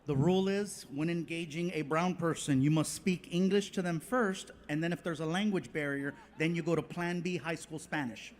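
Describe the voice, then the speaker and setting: A man's voice: a little high, normal speed, hardly any pauses. A male stand-up comedian telling a story on stage and acting out the voices.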